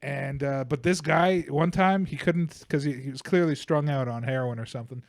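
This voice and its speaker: Recorded cleanly in a studio with no room echo, this young man from Bulgaria has a gravelly, mid-range voice and a moderate pace. As a comedy podcast co-host, he rambles through crude stories and chuckles at his own jokes.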